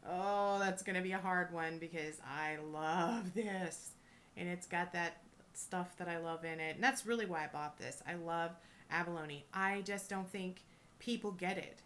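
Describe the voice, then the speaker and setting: Gushing woman with a lowish voice. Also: a little hiss or hum. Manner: gushing, excitable, lots of oohs and little laughs. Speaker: jewelry reseller unboxing a thrift lot. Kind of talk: casual chatty unboxing vlog.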